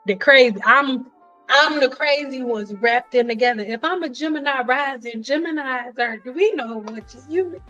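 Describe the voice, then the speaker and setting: A woman hosting a casual livestream chat, telling stories in an animated way, acting out the voices she quotes and joking bluntly with her viewers. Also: sits high, normal speed, lo-fi sound, faint music behind. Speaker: livestream host. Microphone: computer mic on a livestream.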